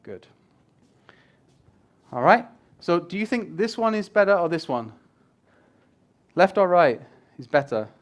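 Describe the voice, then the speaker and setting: Male guest speaker, slightly high voice, lively and joking, casual with swearing. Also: unhurried, pauses often. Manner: animated, swears casually, jokes with the crowd. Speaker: guest speaker on user experience design. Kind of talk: casual presentation talk. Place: event room with a live audience.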